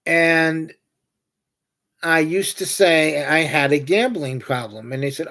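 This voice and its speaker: Guy rambling on his livestream, slow and goofy, kinda high voice. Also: sharp tone. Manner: joking, anecdotal, meandering. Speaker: livestream host. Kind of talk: casual rambling chat.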